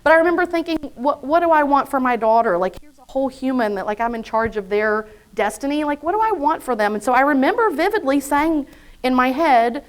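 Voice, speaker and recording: A woman's voice: high voice, animated, a little fast. A woman giving a live motivational talk to an audience in an event room, a chatty, self-deprecating storyteller who acts out her own inner thoughts. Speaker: invited speaker.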